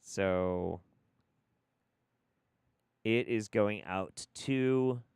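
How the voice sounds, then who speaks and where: A man's voice: fairly low pitch, very slow, vocal fry, darkish tone, clear, resonant tone, no echo, studio quality. A man hosting a live stream, talking casually in a profane, exasperated, rambling way.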